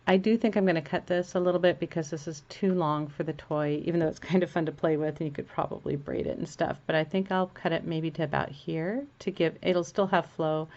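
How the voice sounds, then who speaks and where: Woman, chatty and self-amused, low-pitched, dull lo-fi sound. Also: a little mellow. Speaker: crafting vlogger. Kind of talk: casual knitting tutorial chat.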